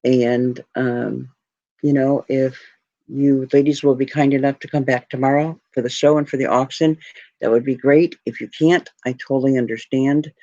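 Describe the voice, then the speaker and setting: Her voice is rumbling low and dark, with fairly even intonation at a moderate pace. She's a jewelry live stream host chatting casually to viewers, heartfelt, rambling and grateful, tearing up on the verge of tears. The lo-fi audio is dry and muffled.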